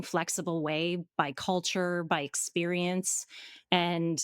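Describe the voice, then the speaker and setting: A woman who coaches accents, answering interview questions in a measured, explanatory way with frequent fillers. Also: lowish voice, clear, resonant tone, no echo, studio quality. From Canada.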